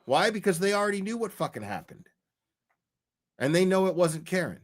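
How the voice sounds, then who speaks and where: A man's voice: high-pitched, fairly quick. A man ranting in casual commentary on a stream, swearing a lot and acting out the people he talks about. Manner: profane, animated, acts out quoted people.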